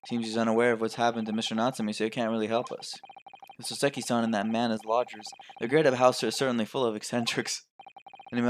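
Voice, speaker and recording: A man doing a soft hesitant young lawyer. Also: medium pitch, a little hiss or hum, natural voice. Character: polite young male lawyer, unsure.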